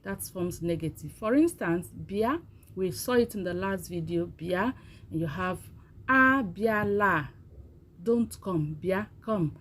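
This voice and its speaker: A woman's voice: fairly low pitch, lively intonation, slow, fairly bright tone. A woman teaching a language lesson, patiently repeating words for learners to say after her. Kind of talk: slow spoken language lesson.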